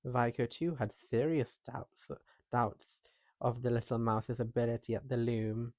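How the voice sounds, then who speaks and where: A man reading a folktale aloud in calm scripted narration, with a soft and calming manner. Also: medium pitch, unhurried, no echo. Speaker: storyteller.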